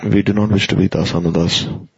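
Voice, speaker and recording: A man giving an earnest, admonishing devotional sermon, with pauses and fillers. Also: low-pitched, fairly even intonation, gravelly, darkish tone. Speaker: spiritual teacher. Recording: dull lo-fi recording.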